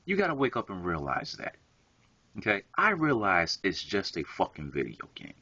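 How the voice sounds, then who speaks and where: A man's voice: sits low, huge pitch swings, moderate pace, pushed and bright. A young man, an online gamer, delivering a profane, confrontational rant straight at a rival. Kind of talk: angry rant to camera. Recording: dull lo-fi home recording.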